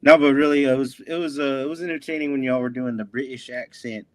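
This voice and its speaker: A man's voice: medium pitch, steady tone, quick pace, no echo. Swearing man with a dry sound. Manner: loud, swears a lot, tells stories animatedly. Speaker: panel guest. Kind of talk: casual livestream chat.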